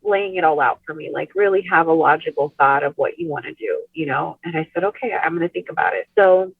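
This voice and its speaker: A woman guest on a podcast, telling a personal story in a soft, halting way with many "like" and "you know" fillers. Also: low voice, gravelly, breathy edge, dry recording. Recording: tinny phone line.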